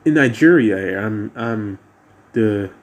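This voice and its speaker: A man's voice: lowish voice, animated, slow. A young man with a mixed British and American accent, talking casually about his life in a rambling way with many fillers and restarts. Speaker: vlogger. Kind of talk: casual personal talk.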